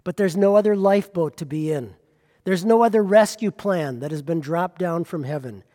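High-voiced preaching man in a reverberant hall. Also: normal speed, dark tone. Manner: impassioned preaching with rhetorical questions. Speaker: pastor. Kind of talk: sermon.

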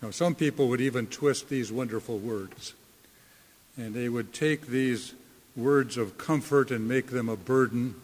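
A male pastor delivers a sermon at an unhurried, measured pace, pressing hard on key words for emphasis. His voice sits in a middle pitch and carries a long reverb, as in a large hall. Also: a little mellow. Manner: slow, deliberate preaching with emphatic stresses.

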